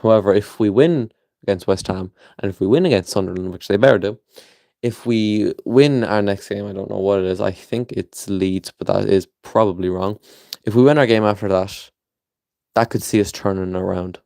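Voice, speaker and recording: A man's voice: on the low side, normal speed, vocal fry, mellow. A young man with a Liverpool accent, ranting bluntly to camera as a football fan vlogger, swearing freely and sounding frustrated. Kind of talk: opinionated casual rant to camera.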